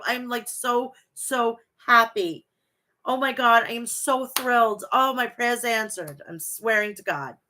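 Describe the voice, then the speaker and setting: Bright-voiced woman in her forties chatting wrestling. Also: a little high, fairly even intonation, unhurried. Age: 40s. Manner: profane, gushing and rambling. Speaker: wrestling podcast host. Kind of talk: casual chat reading live chat.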